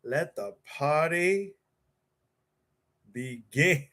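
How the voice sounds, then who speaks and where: A man hosting his live stream, hyped up and emotional, stammering and repeating words as he warms up the show. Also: a little high, lively intonation, extremely slow, creaky. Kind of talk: excited live-stream chat.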